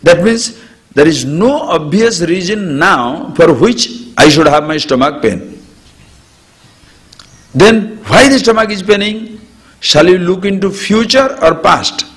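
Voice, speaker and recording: A man talks through a spiritual discourse, his voice sitting a touch high and swooping widely up and down. He chuckles often and acts out homely examples as he teaches an audience. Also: lively intonation, slow, a bit bright.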